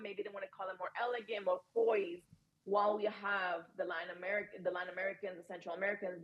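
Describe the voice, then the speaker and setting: Colombian woman on a podcast, native spanish speaker, lively and opinionated, mid pitch. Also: highs cut off. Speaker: podcast co-host. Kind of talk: casual panel chat.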